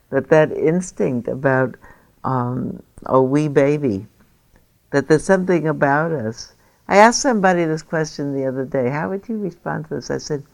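A woman meditation teacher leading a group dharma discussion, encouraging and chatty with rambling asides. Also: rumbling low. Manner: warm, encouraging, laughs easily, rambling asides.

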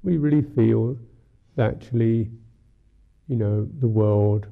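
Gravelly monk giving a tinny-sounding talk. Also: male voice, fairly low pitch. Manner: musing, unhurried, wry, many "you know" fillers. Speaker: Buddhist monk teacher. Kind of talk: dharma talk.

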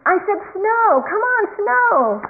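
A woman voicing a frustrated little boy who yells, whines and bargains with the sky for snow. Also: very high voice, very animated, takes it slowly, voice pushed up, heavily acted. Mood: demanding. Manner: shouting, whining, bargaining. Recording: tinny phone-like recording.

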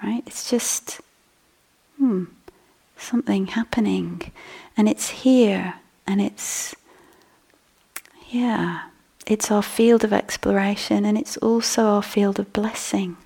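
Soft, husky woman giving a dharma talk. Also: medium pitch, fairly even intonation, takes it slowly, pauses often. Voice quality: husky, gravelly. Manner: soft, breathy, often drops to a whisper. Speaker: meditation teacher. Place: meditation hall.

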